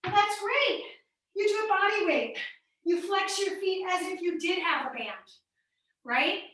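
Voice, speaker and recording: A woman's voice: very high-pitched, lively intonation, unhurried, pushed and bright. A woman leading a live online fitness class, counting reps and coaching form in an upbeat way. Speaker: fitness instructor. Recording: echoey room, mic at a distance.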